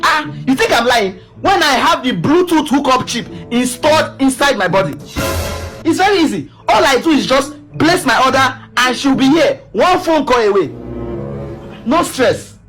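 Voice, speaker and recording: A man's voice: very high-pitched, animated, normal speed, a bit bright, soft background music. A man with a Nigerian accent acting in a comedy skit, boastful and laughing.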